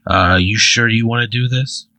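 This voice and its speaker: A man's voice: mid-range voice, moderate pace, pushed and bright, no echo. A man voicing a slick, cocky male spirit who menaces people for money in a tabletop game. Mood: menacing.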